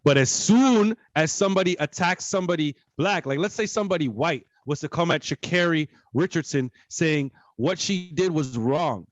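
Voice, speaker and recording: A man's voice: on the high side, normal speed, hardly any pauses, no room sound. Joking male podcast co-host, dry mic. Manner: joking, blunt reactions. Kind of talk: casual commentary.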